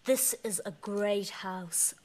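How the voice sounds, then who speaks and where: A woman's voice: mid-range voice, slow pace, darkish tone, natural voice. A woman playing a composed visitor. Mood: polite. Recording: hissy TV sitcom audio.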